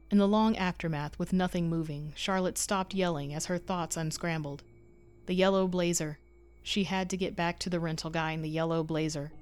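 Low-voiced woman narrating a horror story. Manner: measured, suspenseful storytelling. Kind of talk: scripted narration.

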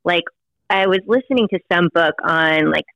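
Bright-voiced podcast host, dry sound. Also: medium pitch, vocal fry, no room sound, low-quality recording. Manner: relaxed, hesitant with many "um" pauses. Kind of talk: casual chat.

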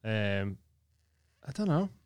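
A man's voice: on the low side, big pitch swings, takes it slowly, smooth, no echo. A man, co-hosting a podcast in casual chat, swearing freely and acting out quoted voices. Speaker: podcast co-host. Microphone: studio mic.

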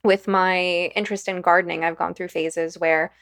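A woman's voice: lowish voice, little pitch movement, moderate pace, a bit bright. A woman hosting a podcast interview, responding in a thoughtful, conversational way. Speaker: podcast host.

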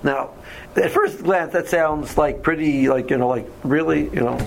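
A man's voice: on the high side, normal speed, creaky, a little hiss or hum, rough recording. A man leading a casual Torah study class, often stumbling over and repeating words, reading Hebrew verses aloud and then explaining them.

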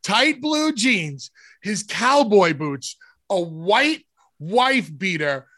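A man and former wrestler telling stories in a casual chat, animated and emphatic. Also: sits high, extremely slow. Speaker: podcast co-host, former wrestler.

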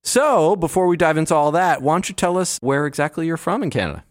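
A man's voice: fairly high pitch, very animated, fast. A man hosting a podcast interview, talking in an upbeat, chatty way. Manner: upbeat, scripted intro then chatty. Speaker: podcast host. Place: conference venue, recorded together.

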